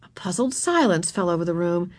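A woman reading a children's story aloud, expressive and putting on voices for the characters. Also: fairly low pitch, brisk. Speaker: narrator. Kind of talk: children's book read aloud.

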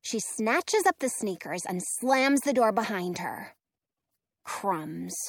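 A woman narrating a children's storybook in first person, expressive with playful asides. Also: mid-range voice, slow pace, dry recording. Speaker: audiobook reader.

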